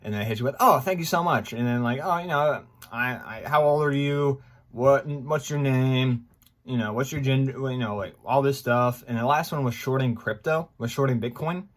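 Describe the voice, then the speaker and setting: A man's voice: medium pitch, moderate pace. Rambling young man vlogging. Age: 20s. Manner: rambling, excitable, heavy on fillers. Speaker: gaming YouTuber. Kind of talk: casual vlog chat.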